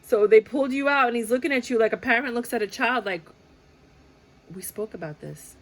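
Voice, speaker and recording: A woman's voice: fairly high pitch, fast talker, fairly bright tone. A woman giving a casual tarot reading in a chatty way, often laughing and acting out little quotes. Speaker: tarot reader.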